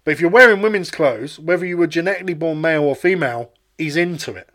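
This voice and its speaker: A man's voice: on the high side, fast talker, a bit bright. A man co-hosting a casual podcast chat, emphatic and sweary, tripping over repeated words when he gets going. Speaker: podcast co-host.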